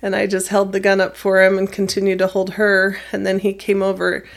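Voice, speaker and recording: A woman teacher calmly recounting a personal experience in an interview, measured and plain-spoken. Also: mid-range voice, gravelly. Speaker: middle school math teacher.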